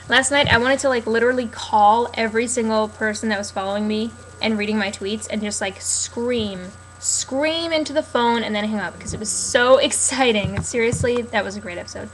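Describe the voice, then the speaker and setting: A woman's voice: a little high, fairly even intonation, moderate pace, a bit bright, a little hiss or hum, poor audio. A young woman rambling casually and sarcastically about a TV episode, with lots of fillers. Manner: chatty, sarcastic, many fillers. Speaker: TV recap vlogger.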